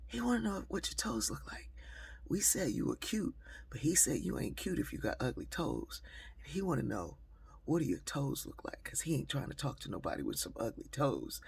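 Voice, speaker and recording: Woman doing a brash, mocking loudmouth man. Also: extremely low pitch, big pitch swings, normal speed, gravelly, breathy edge, full character voice. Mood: teasing. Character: loud teasing man calling across a room.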